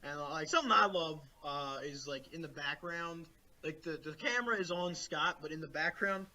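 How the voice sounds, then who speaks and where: A man's voice: fairly high pitch, moderate pace, pushed and bright. A man co-hosting a podcast, chatting casually about movies, rambling with lots of fillers and restarts over a remote call. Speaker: podcast co-host. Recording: remote call, poor audio.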